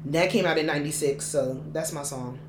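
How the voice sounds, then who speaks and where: A woman co-hosting a casual chat, blunt and profane, telling stories with animated energy. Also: low voice, fairly quick, echoey room, a little hiss or hum. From United States. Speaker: podcast co-host.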